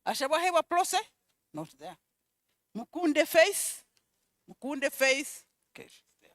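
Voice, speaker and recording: A woman works through a conference roll call, reading names out one at a time and repeating them. Her voice sits high and her delivery is slow and unhurried. The sound is dry and close, with almost no room around it. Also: very animated, no room sound. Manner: reads names slowly and repeats each one, with quiet asides between. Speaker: event presenter calling out names.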